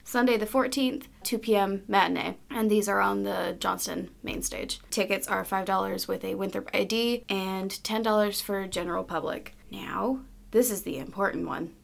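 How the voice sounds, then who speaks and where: A young student co-hosting a casual college podcast, with goofy deadpan quips. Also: medium pitch, moderate pace, gravelly. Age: young adult. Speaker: podcast co-host.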